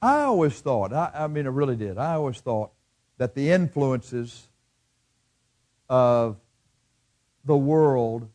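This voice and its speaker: A middle-aged man preaching a sermon, swinging between loud bursts and hushed asides and acting out the voices of his listeners. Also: medium pitch, lively intonation, slow pace, long pauses. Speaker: pastor.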